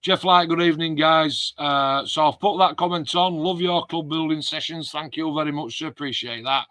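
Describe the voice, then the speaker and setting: A man's voice: fairly high pitch, normal speed, bright, forceful tone, no room sound. A man hosting a casual live stream, chatting and reading out viewer comments. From England. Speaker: host of a model-building live stream.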